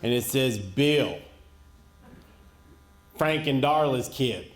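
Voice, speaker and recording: Slow, folksy stand-up comedian man. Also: mid-range voice, noisy background. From rural United States. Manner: folksy, deadpan storytelling punctuated by chuckles. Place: comedy venue stage before a live audience. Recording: echoey live venue with loud audience laughter.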